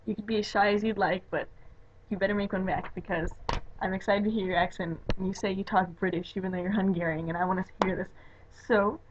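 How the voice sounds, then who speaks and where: A woman's voice: medium pitch, steady tone, fast talker, noisy background. A young woman from the Chicago area with a Chicago accent, chatting casually in a home video, rambling with lots of "like" and "you know". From Chicago area, USA. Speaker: vlogger. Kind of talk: casual chat. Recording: dull lo-fi webcam audio.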